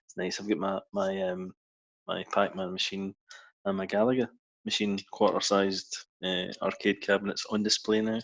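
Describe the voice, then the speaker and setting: A man co-hosting a podcast, relaxed and hesitant, with plenty of ums. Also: sits low, normal speed, dull audio. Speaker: podcast co-host. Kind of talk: casual chat.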